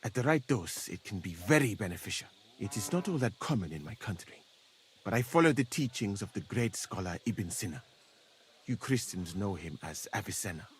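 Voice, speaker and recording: An actor playing a calm, learned foreign physician in a camp, speaking in a measured, courteous way. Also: male voice, lowish voice, a little hiss or hum, lightly acted. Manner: measured, courteous, softly spoken. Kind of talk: video game dialogue.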